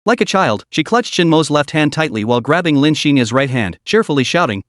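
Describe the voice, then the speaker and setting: A man's voice: a little high, big pitch swings, fairly quick, few pauses, a bit bright, no echo, clean studio sound. A man narrating a comic recap story in a dramatic, scripted storytelling way.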